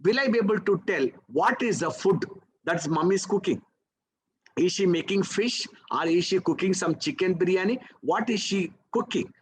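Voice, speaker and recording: A man with an Indian English accent teaches memory techniques in a live session, his voice sitting high, expressive and breathy at a moderate pace. The audio is poor. He coaxes the class along, asking rhetorical questions and checking in with "okay?" and "right?"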